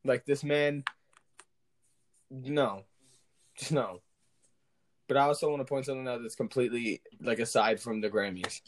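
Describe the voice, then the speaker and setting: A man's voice: medium pitch, moderate pace, long pauses. A young man with a mid-range voice talks casually on a podcast. He is blunt and slangy in his opinions. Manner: blunt, slangy, laughs easily. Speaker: podcast co-host. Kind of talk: casual chat.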